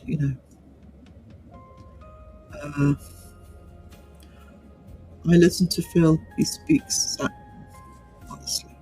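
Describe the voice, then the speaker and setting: A man's voice: a little high, darkish tone, rough recording. A man hosting a livestream, chatting casually through viewer comments with many fillers and restarts. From North East England. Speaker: livestream host.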